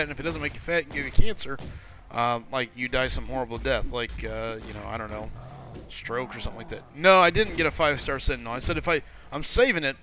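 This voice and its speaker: A man's voice: fairly high pitch, bright, forceful tone, a little hiss or hum. A man hosting a gaming livestream in casual chat, greeting viewers and reading their messages aloud in a loose, rambling way. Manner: loose and rambling, with frequent fillers and self-corrections.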